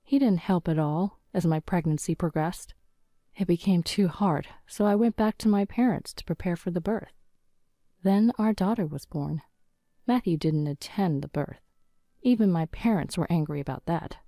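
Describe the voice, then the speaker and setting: Low, mellow woman narrating a story. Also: moderate pace, no room sound, clean studio sound. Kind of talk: scripted first-person story narration.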